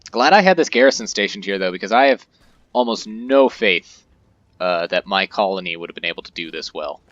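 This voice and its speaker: A man's voice: deep voice, lively intonation, a little fast, fairly bright tone, no echo, dull audio. A man casually commentating his own strategy game playthrough, chatty and joking with viewers. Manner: chatty, jokey, reacts aloud to the game. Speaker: let's-play host.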